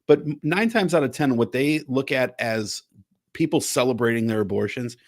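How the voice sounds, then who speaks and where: A man hosting a podcast in casual chat, rambling and restarting his phrases as he thinks out loud. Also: medium pitch, normal speed. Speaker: podcast host.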